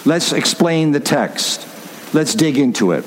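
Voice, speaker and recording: A man's voice: fairly high pitch, animated, unhurried, slight background noise. A man preaching a sermon as pastor, emphatic and repetitive, laying out his points step by step.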